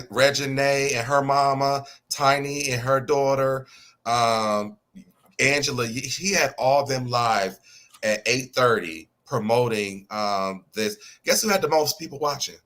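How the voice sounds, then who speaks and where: A man's voice: medium pitch, slow pace, a bit bright. A man co-hosting a casual gossip chat over a video call, rambling and laughing often, talking straight to viewers. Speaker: co-host of gossip show.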